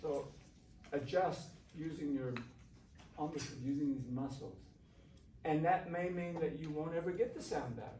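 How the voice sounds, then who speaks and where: In a classroom shakuhachi workshop, a man with a slightly high, dark-toned voice talks at a moderate pace. He coaxes his students conversationally and often asks them questions. The recording is roomy and far off, with faint hiss.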